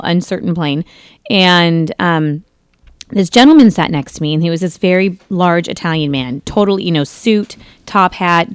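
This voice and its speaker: A woman radio host in her thirties tells a long personal story in a chatty, meandering way, often correcting herself. Her voice sits low and sounds smooth and clear, recorded dry and close. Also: no echo. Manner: chatty, rambling, with self-corrections and laughs. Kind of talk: casual storytelling on talk radio.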